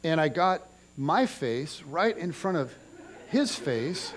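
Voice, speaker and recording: A man's voice: fairly high pitch, takes it slowly, pauses often, a little hiss or hum. A man in his forties preaching a sermon in a church, talking in a loose, conversational way and telling family stories with lots of restarts. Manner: conversational, animated storytelling with restarts. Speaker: pastor. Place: church auditorium.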